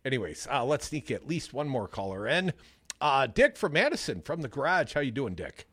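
Lively wry talk radio host man. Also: mid-range voice, moderate pace, slightly rough, no echo, clean studio sound. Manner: wry, lively, takes callers. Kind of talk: casual political talk radio.

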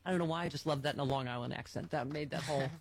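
A woman hosting a comedic political talk radio show, jokey and quick with the banter. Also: extremely low pitch, very noisy.

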